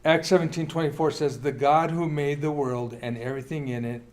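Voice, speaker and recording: A man teaching a Bible class in church, reading scripture aloud and adding quick, earnest asides to the group. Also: a little high, fairly even intonation, a little mellow. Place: church meeting room.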